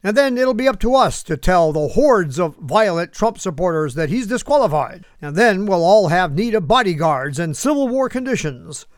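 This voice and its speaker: Male commentary host, high voice, sarcastic asides, dry close sound. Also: big pitch swings, moderate pace, hardly any pauses, no echo. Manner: sarcastic, talks back to an unheard listener. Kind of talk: political commentary.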